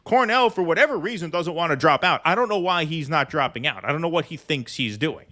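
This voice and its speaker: A man hosting a casual political talk stream. He sounds brisk and sardonic, and his voice is bright and forceful. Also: fairly high pitch, animated. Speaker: show host.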